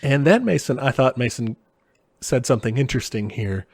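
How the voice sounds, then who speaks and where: A man's voice: mid-range voice, brisk, no echo. Laid-back man recapping a film plot, dry sound. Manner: relaxed plot recapping with many fillers. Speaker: podcast co-host. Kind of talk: casual film discussion.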